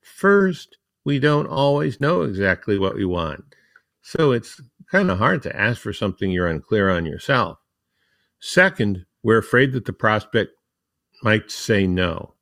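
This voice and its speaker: A man hosts a podcast in a fairly low voice, working through his points one by one and reading passages aloud. His delivery is conversational and the sound is dry and close. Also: sing-song, unhurried, a bit bright, dry recording. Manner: explains points in a numbered list, reads quotes aloud. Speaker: podcast host. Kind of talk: conversational podcast talk on marketing.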